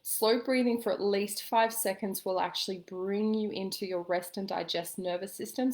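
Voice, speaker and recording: A woman coaching listeners in a calm, gentle way, giving a spoken self-help lesson with slow pauses. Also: medium pitch. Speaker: intuitive coach.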